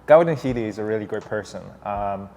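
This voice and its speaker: A man's voice: lowish voice, quick pace. A young man, a startup founder, telling his story in a casual interview with lots of restarts and fillers. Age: young adult. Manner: animated, many restarts and fillers. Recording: long hall reverb, faint noise.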